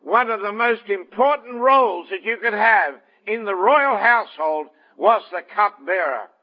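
A man preaching a sermon and telling a story, acting out the dialogue as he goes. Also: measured pace. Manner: storytelling, acts out dialogue with shifting pitch. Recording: dull lo-fi sound.

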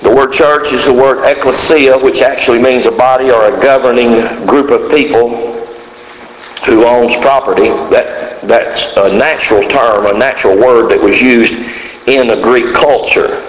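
A man's voice: on the low side, muffled recording. A man preaching a sermon to a congregation, emphatic and repeating key words for stress. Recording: echoey hall with long reverb, faint hiss.

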